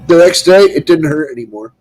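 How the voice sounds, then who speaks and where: A man's voice: on the high side, brisk, low-quality recording. A man streaming, telling a rambling story casually and acting out the people in it. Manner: animated, acts out quoted people; rambling with restarts.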